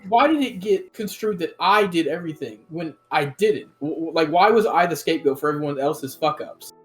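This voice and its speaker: Fast-talking young man, contestant confessional. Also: fairly high pitch. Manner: quick, animated and self-justifying. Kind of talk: casual confessional.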